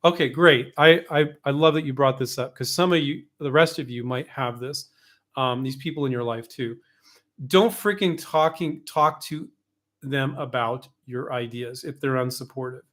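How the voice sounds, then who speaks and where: A man's voice: medium pitch, normal speed, fairly bright tone. A man hosting a show on invention licensing, talking frankly and animatedly, with casual cursing and frequent restarts. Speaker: host, invention licensing coach. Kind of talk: casual advice talk.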